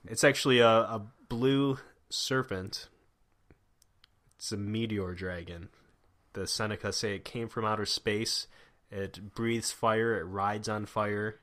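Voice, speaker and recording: A young man talks casually with friends, his voice bright and a touch low. He rambles, restarts sentences and leans on fillers. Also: fairly even intonation, takes it slowly. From United States. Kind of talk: casual chat.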